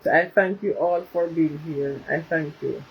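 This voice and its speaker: A woman's voice: sits low, fairly even intonation, measured pace, vocal fry, muffled recording, slight background noise. A woman chatting casually on a livestream, reading out viewers' comments and slipping into patois. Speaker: livestream host. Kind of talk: casual live chat with viewers.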